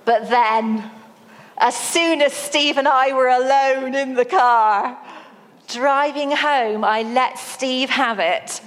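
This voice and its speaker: A woman preaches in a church hall, telling her story slowly and deliberately. Her voice sits fairly high. A long reverb trails off each phrase. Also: a bit bright. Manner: slow, storytelling delivery with dramatic re-enactment. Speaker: speaker at a church service. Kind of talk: sermon with a personal story.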